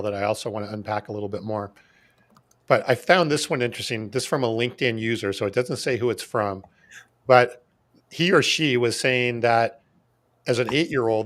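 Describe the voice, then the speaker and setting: Podcast host guy, medium voice, thinking out loud, asks if he's got it right. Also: medium pitch. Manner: thinking aloud, checks with guests. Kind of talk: casual podcast chat.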